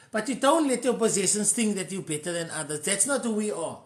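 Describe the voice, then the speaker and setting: A man's voice: high-pitched, expressive, fairly quick, roomy sound. A man with a South African accent hosting a live stream, giving earnest, casual advice and slipping into Afrikaans phrases.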